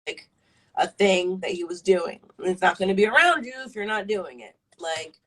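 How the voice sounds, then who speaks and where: A woman's voice: lowish voice, animated, moderate pace, a bit bright, poor audio. A woman in her twenties on a live stream, telling a personal story in a casual, rambling way, full of fillers and swearing. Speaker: livestream guest.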